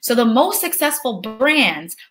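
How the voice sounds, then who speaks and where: A woman leading a live online webinar, energetic and chatty, calling for amens like a preacher and reading out audience names. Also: a little high, measured pace. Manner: energetic, preacher-like call and response. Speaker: online course instructor.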